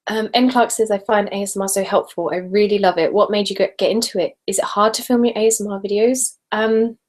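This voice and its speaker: A woman's voice: medium pitch, steady tone, fairly quick. Chatty British woman reading comments. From Britain. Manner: chatty, reads comments aloud, drifts between soft talk and whispers. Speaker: ASMR channel host. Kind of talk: casual live-stream chat reading viewer comments. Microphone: stereo handheld recorder.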